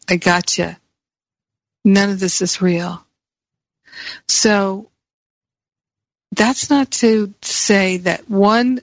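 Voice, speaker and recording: A woman giving a slow, earnest spiritual talk as a teacher, repeating key phrases for emphasis. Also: medium pitch, no echo, lo-fi sound.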